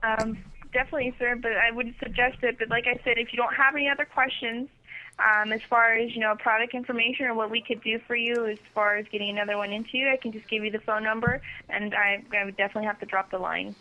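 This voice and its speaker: A woman's voice: fairly high pitch, little pitch movement, fast talker. A woman working as a customer service agent on the phone, polite and hesitant. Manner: polite, hesitant, repeats "definitely, sir". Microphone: telephone. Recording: muffled phone line.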